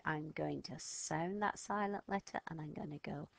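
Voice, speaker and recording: A woman, teaching a recorded French lesson to children, sounding words out slowly and patiently. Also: low voice, creaky, no room sound.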